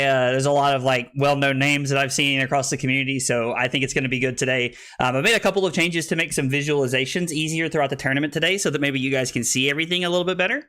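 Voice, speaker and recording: A young man hosting a live-streamed card tournament, out of breath and excitable, rambling with lots of filler words. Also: fairly high pitch. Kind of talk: casual live-stream chat.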